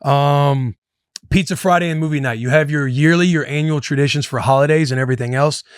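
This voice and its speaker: A man's voice: on the high side, brisk, smooth, no room sound, studio quality. A man in his thirties hosting a podcast, giving advice in loose, casual chat and calling himself "your boy". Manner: loose and chatty, calls himself "your boy", speaks to listeners as "boys". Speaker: podcast host.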